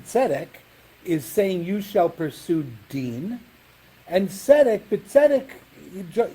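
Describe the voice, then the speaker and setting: Man, rabbi, Talmud class lecture, mellow tone, slightly high voice, explains step by step, asks "right?". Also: slightly rough. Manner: explanatory, checks in with "right?", reads Hebrew and Aramaic terms.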